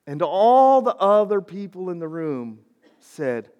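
Man, youth sermon, high voice, long church reverb. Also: sing-song, takes it slowly, a little mellow. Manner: casual, folksy, builds to emphatic preaching. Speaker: youth pastor. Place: church sanctuary.

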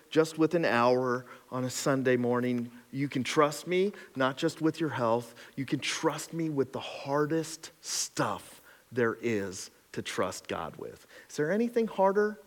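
A male pastor delivers a sermon in a slightly high voice, swinging from casual asides to loud, emphatic passages. The long reverb of a big church hall trails behind his words. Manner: emphatic, rising to loud passion, with asides and laughs. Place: church auditorium.

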